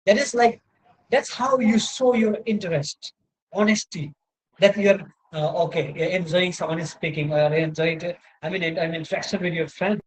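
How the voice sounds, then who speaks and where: A man's voice: high-pitched, normal speed, low-quality recording. Rambling Indian man lecturing on a laptop. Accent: Indian English. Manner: rambling, repeats "you know" and "right?". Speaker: university lecturer. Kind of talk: online lecture. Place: indoors at a laptop, video lecture. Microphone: laptop microphone.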